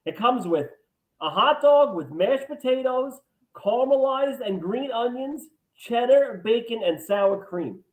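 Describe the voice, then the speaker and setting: A man co-hosting a podcast in casual chat, lively and quick to chime in. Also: very high-pitched. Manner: lively, chatty, eager to chime in. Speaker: podcast co-host. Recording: echoey room.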